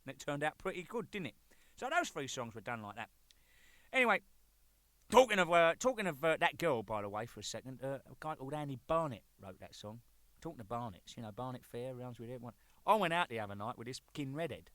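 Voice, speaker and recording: A band drummer in his thirties presents a record with a jokey, rambling monologue of cheeky anecdotes and lots of swearing. His medium-pitched voice is animated, quick and a bit bright, with no room sound.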